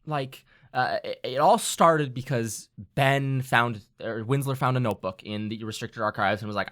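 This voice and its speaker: A man hosting a casual podcast chat about running a tabletop game, excitable and animated, often acting out quotes. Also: medium pitch, normal speed, few pauses. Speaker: dungeon master and podcast host.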